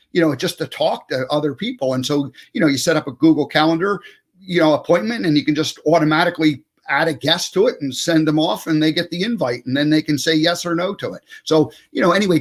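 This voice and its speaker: A man hosting a casual online talk show over a video call, rambling loosely with plenty of fillers and restarts. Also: a little high. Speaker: show host.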